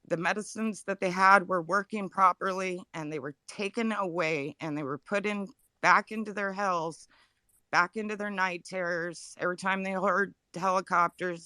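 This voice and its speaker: A woman speaking emotionally in a live audio chat room, halting and apologetic, close to tears. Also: lowish voice, sharp tone, no echo. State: upset, near tears. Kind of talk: emotional personal testimony.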